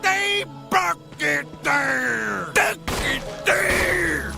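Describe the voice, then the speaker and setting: A shrieking cartoon yokel. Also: male voice, very high-pitched, very animated, very slow, vocal fry, full character voice. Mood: outraged hollering. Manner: hollering, outraged. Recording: clip with loud music behind. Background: loud music.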